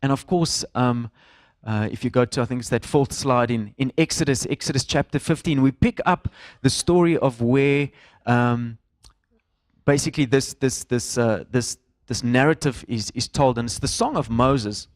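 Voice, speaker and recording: A man's voice: mid-range voice, normal speed, no room sound. A man, preaching a conversational sermon to a church congregation, with fillers and stray Afrikaans phrases. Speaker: pastor.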